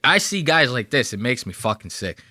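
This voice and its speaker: A man's voice: mid-range voice, very animated, moderate pace, sharp tone, no room sound, clean studio sound. A man in his thirties from New Jersey, casually ranting and cursing in sarcastic reaction commentary. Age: 30s. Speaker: commentary host.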